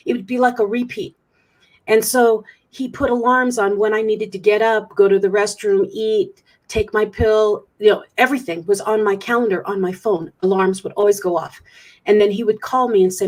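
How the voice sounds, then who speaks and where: A middle-aged woman speaks as an interview guest with a slightly husky, breathy tone. Her delivery is candid and earnest, full of small restarts as she works through a personal account. Her pitch sits in an ordinary middle range. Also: fairly even intonation, a little fast. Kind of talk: interview storytelling.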